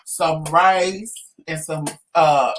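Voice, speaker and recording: A man's voice: fairly high pitch, steady tone, drawn-out words, a loud crowd. Teasing man, matter-of-fact. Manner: teasing, matter-of-fact, ribbing his partner. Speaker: co-host. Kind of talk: casual talk-show chat.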